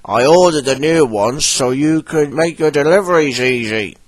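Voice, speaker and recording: A man's voice: fairly high pitch, normal speed, dry recording, natural voice. A man voicing a firm, reassuring male railway boss in a storybook reading. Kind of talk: storybook narration. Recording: background music.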